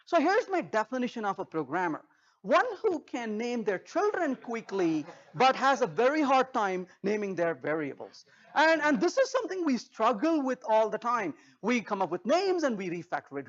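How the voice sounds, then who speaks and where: A man giving a humorous technical talk at a conference, an animated storyteller who acts out dialogues. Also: extremely high pitch, normal speed, dull audio. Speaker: conference speaker. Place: conference stage.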